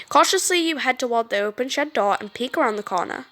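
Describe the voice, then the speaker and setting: A woman with a high, bright voice reads a story game aloud to her viewers. She is animated and trips over words now and then. Faint game music plays behind her. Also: quick pace. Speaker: game streamer.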